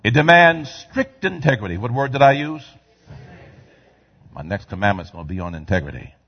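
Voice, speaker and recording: A man preaching a sermon in a church, swinging from quiet asides to shouted lines in a call-and-response style. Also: mid-range voice, big pitch swings, a little fast, highs cut off. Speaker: pastor. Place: church sanctuary.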